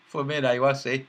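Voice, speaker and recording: A man's voice: medium pitch, fairly bright tone. A man hosting a casual livestream, reading chat messages aloud in a rambling, mocking way with many filler sounds.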